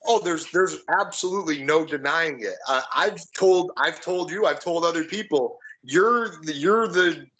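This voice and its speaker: A man's voice: fairly high pitch, moderate pace, few pauses, bright, forceful tone, rough recording. A man being interviewed as a guest, talking earnestly and repeating words as he gathers his thoughts. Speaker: interview guest, local wrestler. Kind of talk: casual interview chat.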